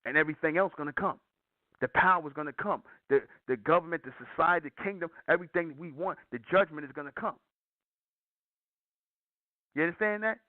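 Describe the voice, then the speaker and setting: A man's voice: a little high, fast talker, no echo. A man hosting a call-in show, lecturing his listeners in an emphatic, repetitive way. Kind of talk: preachy call-in monologue. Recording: tinny phone-like line.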